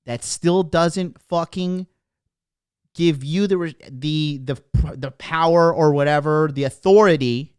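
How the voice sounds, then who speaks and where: A man's voice: fairly high pitch, takes it slowly, a little mellow, clear, resonant tone, dry recording, clean studio sound. A man in his thirties hosting a live stream, talking casually in an emphatic, profane, preachy way. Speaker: host.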